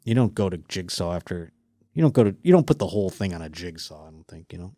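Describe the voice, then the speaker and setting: A man's voice: sits low, big pitch swings, fast talker, mellow, no room sound, clean studio sound. A man hosting a podcast, reading listener stories aloud and riffing on them with crude, sarcastic jokes. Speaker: podcast host. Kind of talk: comedic news commentary.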